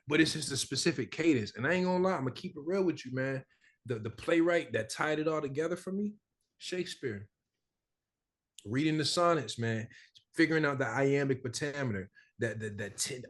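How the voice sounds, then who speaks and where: Animated young man, keeps saying "man". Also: medium pitch. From American South. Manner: animated, repeats "man" often. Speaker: actor guest. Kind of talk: casual interview chat.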